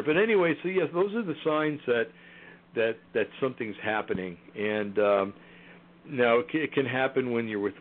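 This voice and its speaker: A man guest in a casual interview, talking hesitantly with many fillers and restarts. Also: medium pitch. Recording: tinny phone line.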